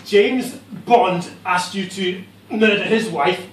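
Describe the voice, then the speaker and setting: A man's voice: sits high, slow pace. A man playing a pompous spoof chat show host. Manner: hesitant, full of uhs, self-important. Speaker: interviewer. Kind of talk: live comedy sketch. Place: pub function room. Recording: echoey pub room, distant mic, crowd noise.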